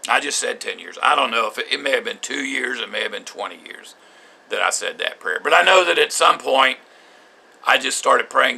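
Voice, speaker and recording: An older man recounting his marriage in a bitter, halting spoken journal, with frequent restarts. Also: medium pitch, animated, creaky, bright, forceful tone.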